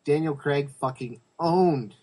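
A man's voice: a little high, takes it slowly, a little mellow. A man co-hosting a podcast in casual chat, enthusiastic and swearing freely. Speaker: podcast co-host.

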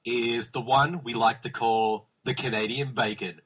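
A man's voice: mid-range voice, steady tone, unhurried, fairly bright tone, slightly rough, rough recording. An Australian man hosting a casual podcast chat, introducing guests with jokes and laughter. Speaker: podcast host.

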